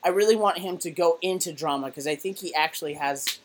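Lively, low-pitched woman in her twenties. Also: brisk, a little hiss or hum. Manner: animated storyteller, many fillers. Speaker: podcast co-host. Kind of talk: casual chat.

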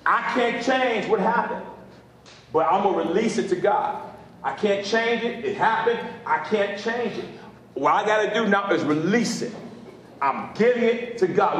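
A man's voice: high-pitched, lively intonation, moderate pace, a bit bright, very echoey, slight background noise, low-quality recording. A man preaching as a pastor, repeating phrases and drawing responses from listeners. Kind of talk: sermon teaching.

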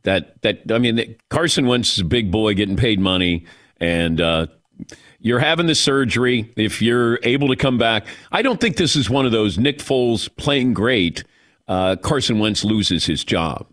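Male sports radio host, lively swinging delivery, chatty. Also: fairly low pitch, measured pace, dry recording, clean studio sound. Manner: animated, mimics players with mock voices. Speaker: sports talk show host.

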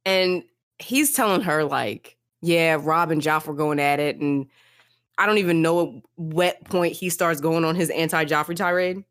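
A young woman in a relaxed book chat, her voice sitting a little low for a woman. She talks in a lively, animated way and slips into playful character voices. The sound is close and dry. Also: moderate pace, no room sound. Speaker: podcast co-host. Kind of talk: casual book-discussion chat.

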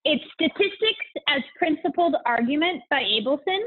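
A woman guest on a podcast chats casually and enthusiastically, gushing and laughing a lot in an interview-style conversation. Her high, animated voice moves at normal speed with no echo, over a tinny, phone-like line.

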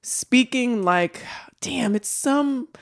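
A middle-aged woman co-hosting a podcast, telling stories in an animated, chatty way and laughing often. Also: on the high side, drawn-out words, no room sound. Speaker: podcast co-host. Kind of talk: casual chat.

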